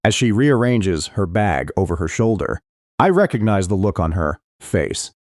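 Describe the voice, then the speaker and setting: A man reading a first-person thriller audiobook with expressive, tense storytelling. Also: low-pitched, normal speed, dry recording, clean studio sound. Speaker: audiobook narrator.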